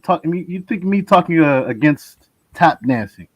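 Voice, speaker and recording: A man's voice: on the high side, animated, normal speed, dry recording, dull audio. A man on a casual panel chat who reads out viewer comments and stops and restarts mid-sentence.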